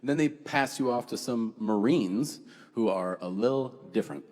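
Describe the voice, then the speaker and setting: A man's voice: mid-range voice, moderate pace. A man performing a stand-up comedy set, telling stories and acting out what people said. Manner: animated storytelling with acted-out quotes. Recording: live stage mic with hall reverb. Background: audience laughter.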